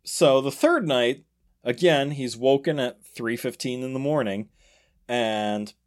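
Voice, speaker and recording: Male podcast host, mid-pitched, chatty storyteller who laughs easily. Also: slow. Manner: laughs often, animated retelling with acted quotes. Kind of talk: casual storytelling chat.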